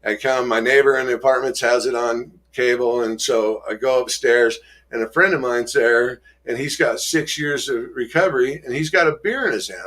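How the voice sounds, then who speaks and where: A middle-aged man telling a personal recovery story, halting and emotional, with many restarts and trailing pauses, raising his voice when he acts out quoted people. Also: medium pitch, fairly bright tone.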